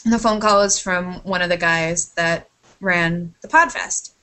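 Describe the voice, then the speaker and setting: A woman's voice: on the low side, unhurried, bright, forceful tone, clear, resonant tone. A woman in casual podcast chat, telling a rambling, sidetracked story with casual swearing and a lot of apologizing.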